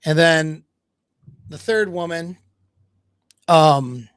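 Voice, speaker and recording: A man tells a dating story on a livestream, slipping into quoted back-and-forth and stumbling over his words as he goes. His voice sits a little high for a man, recorded close and dry with no room echo. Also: very slow, clean tone. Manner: casual retelling with quoted dialogue, frequent restarts and laughs; swears casually. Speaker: dating coach.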